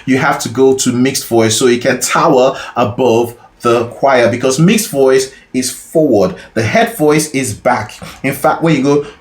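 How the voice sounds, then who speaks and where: A man's voice: mid-range voice, unhurried, few pauses, reverberant. A man teaching a singing lesson as a vocal coach, explaining casually and often checking in with the listener. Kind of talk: singing lesson with sung demonstrations.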